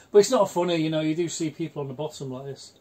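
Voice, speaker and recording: A man, telling blunt, chatty stories in a relaxed conversation. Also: fairly high pitch, a little hiss or hum. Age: 60s. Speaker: houseboat vlogger. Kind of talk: casual chat.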